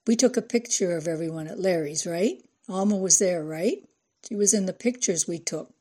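A defiant, mocking teenage girl with a sarcastic, taunting edge, as a woman reads her. The voice is slightly low and breathy. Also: normal speed, dark tone. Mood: confiding.

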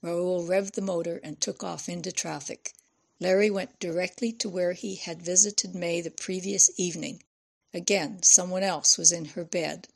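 A woman narrating an audiobook in a steady, measured way. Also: fairly low pitch, gravelly.

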